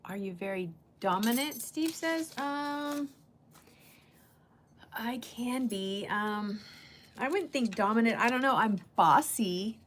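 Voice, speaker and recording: A woman's voice: a little high, lively intonation, takes it slowly, fairly bright tone, slight background noise. A woman hosting a casual livestream, chatting bluntly and greeting viewers by name. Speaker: livestream host. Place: indoor room under a bright light.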